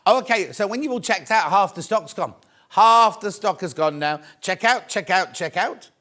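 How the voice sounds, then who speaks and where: A man's voice: sits high, lively intonation, normal speed, bright, forceful tone. Chatty British TV shopping presenter, man. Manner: chatty, reads out viewer messages, calls viewers "my love". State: coughing, mild throat trouble. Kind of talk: live TV selling, chatty.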